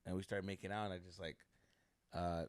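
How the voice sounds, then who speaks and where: A young man co-hosting a podcast, telling a crude, animated story in casual chat with lots of swearing. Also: low-pitched, fairly quick, no echo, clean studio sound. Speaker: podcast co-host.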